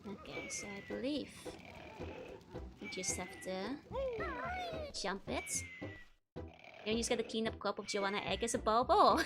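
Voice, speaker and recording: A woman's voice: medium pitch, lively intonation, measured pace, pauses often, background noise. A woman streaming a video game, chatting casually with her chat and giggling a lot. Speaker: VTuber streamer. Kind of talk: casual let's-play commentary. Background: game music.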